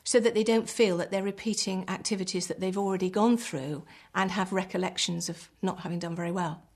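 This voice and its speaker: A woman's voice: medium pitch, fairly even intonation, brisk. A middle-aged woman, a primary school teacher who talks in a patient, encouraging, articulate way as she explains her methods and leads a class.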